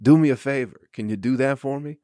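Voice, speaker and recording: A man's voice: medium pitch, fairly quick, warm tone, smooth, no echo, clean studio sound. A man hosting his own comedy podcast, ranting casually and profanely into a podcast microphone and breaking into chuckles.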